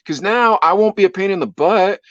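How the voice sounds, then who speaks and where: A man co-hosting a podcast who tells animated stories and laughs through them. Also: high-pitched, fairly quick, dry recording, highs cut off. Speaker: podcast co-host, former radio DJ. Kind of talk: casual chat, storytelling.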